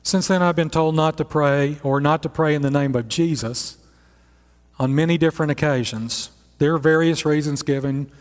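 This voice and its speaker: A man in his sixties, a pastor preaching a sermon in a lively, conversational storytelling manner. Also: a little high, normal speed. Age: 60s. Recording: echoey hall.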